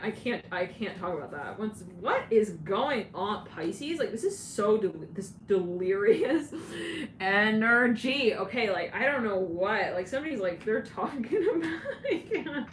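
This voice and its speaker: A woman giving a channeled tarot reading who rambles and breaks into frequent giggles. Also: fairly high pitch. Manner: giggly, rambling, laughs often. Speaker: tarot reader. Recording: roomy, distant mic with clear background noise.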